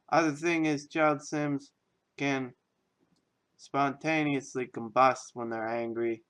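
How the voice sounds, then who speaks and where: A man's voice: medium pitch, fairly bright tone, no room sound. A man who makes game mods, giving a casual, offhand video walkthrough of his work. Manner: rambling, offhand. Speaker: game modder.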